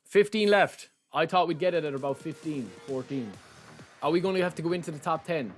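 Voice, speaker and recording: A young Irish man streaming a game, chatty and excitable, talking to his chat as "lads" and saying he is sleep-deprived. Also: a little high, fairly quick, soft background music. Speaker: gaming streamer. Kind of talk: live stream chat while opening game packs.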